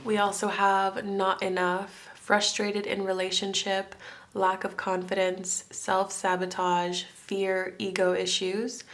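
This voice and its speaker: A woman's voice: mid-range voice, completely flat delivery, slow. A woman from France giving a pick-a-card tarot reading, chatty and musing, often thinking aloud with fillers and restarts. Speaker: tarot reader.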